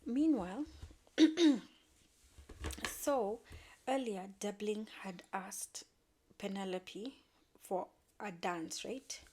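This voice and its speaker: Animated woman recapping a show. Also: mid-range voice, slow pace. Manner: animated storyteller, acting out characters' lines; slangy and emphatic. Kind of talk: casual recap commentary.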